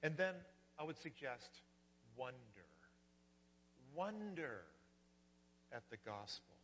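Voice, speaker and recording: A man's voice: fairly high pitch, sing-song, slow, a bit bright, slight background noise. A man preaching a sermon as pastor, earnest and at times fervent. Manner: earnest, rising to fervent wonder. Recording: long hall reverb.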